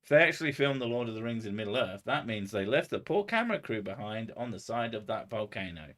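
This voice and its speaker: A man's voice: on the low side, animated, fast, fairly bright tone. Man, streamer, casual chat, rambling, sardonic, swears a lot.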